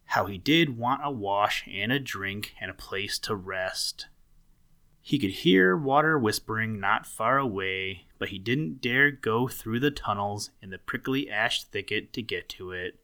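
Male storybook narrator: low-pitched, slow, gentle read-aloud with dramatic swells. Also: lively intonation.

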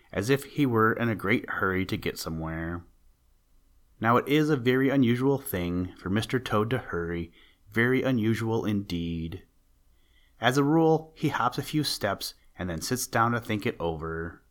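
A man narrating a children's storybook in a gentle, even storytelling manner. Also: fairly low pitch.

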